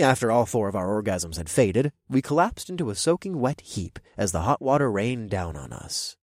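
A man narrating an audio story in the first person, with an expressive delivery. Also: mid-range voice, no echo, studio quality.

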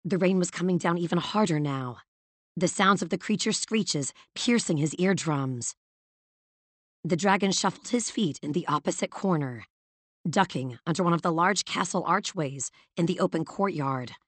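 A woman with a lowish voice narrates a novel as an audiobook, delivering scripted narration in a measured, even style. Her reading is steady and close-miked, and the dry sound carries no room echo.

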